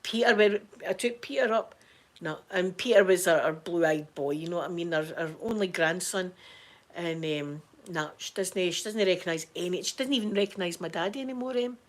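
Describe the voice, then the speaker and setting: Hoarse middle-aged Scottish woman vlogger, halting casual chat, lots of repeats and restarts. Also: lowish voice. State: hoarse from crying. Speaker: vlogger talking to viewers.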